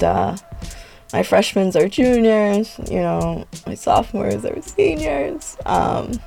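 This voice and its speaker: A woman's voice: lowish voice, creaky, a little mellow. A young adult woman, a podcast host and teacher, talking in a chatty, laughing, sentimental way. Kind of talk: casual podcast sign-off.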